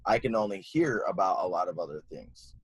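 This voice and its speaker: A man's voice: sits low, animated, a little fast, husky, no room sound, rough recording. A man in his twenties speaking earnestly and supportively in a discussion over a video call. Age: 20s. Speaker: community discussion participant. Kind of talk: casual discussion.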